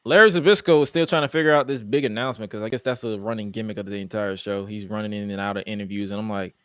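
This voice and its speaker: A man hosting a casual wrestling review chat, animated and mocking, quoting his own exasperated reactions. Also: fairly low pitch, fast, clean tone, no room sound, studio quality. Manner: animated, mocking, quotes himself in exasperated asides. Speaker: podcast host.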